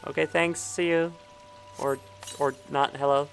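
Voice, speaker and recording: A woman's voice: low voice, steady tone, unhurried, creaky, soft background music. A young woman streamer giving casual commentary as she plays, chatty and muttering little asides, often repeating words.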